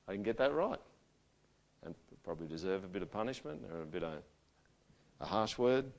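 A man preaching a sermon to a church gathering. He talks conversationally and swings between loud emphasis and quiet, intimate passages. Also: deep voice, very animated, brisk. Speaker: pastor.

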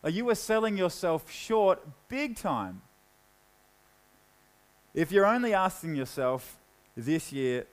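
A young man preaching a sermon in a casual, conversational way, dropping low and quiet when he reads scripture. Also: big pitch swings, takes it slowly, long pauses, poor audio. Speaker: pastor.

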